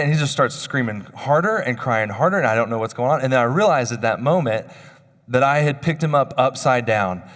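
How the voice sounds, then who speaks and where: A man in his thirties giving a chapel sermon, telling personal stories in a conversational, self-deprecating way. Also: fairly high pitch. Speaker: chapel speaker. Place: university chapel hall. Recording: long hall reverb.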